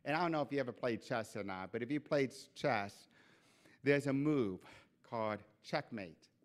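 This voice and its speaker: A man preaching a church sermon, telling a scripture story with lively acted-out voices and asides. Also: medium pitch, moderate pace. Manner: animated storytelling, acts out quoted voices. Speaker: pastor. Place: church sanctuary.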